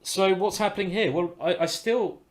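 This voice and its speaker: A man giving casual live-stream chess commentary, thinking aloud with restarts and breaking into excited exclamations. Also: sits high, normal speed. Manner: bursts into excited exclamations at good moves.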